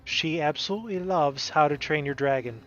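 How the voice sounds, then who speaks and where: A man's voice: a little high, moderate pace, a bit bright. Rambling man chatting on a stream. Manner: rambling, self-interrupting storyteller. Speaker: stream co-host. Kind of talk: casual chat. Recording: dull lo-fi stream audio with music.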